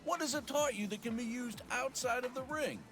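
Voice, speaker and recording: A man voicing a prissy, disapproving gentleman friend in a video game, with sniffy, scolding old-fashioned diction. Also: very high-pitched, fairly quick, soft background music. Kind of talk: video game character voice acting.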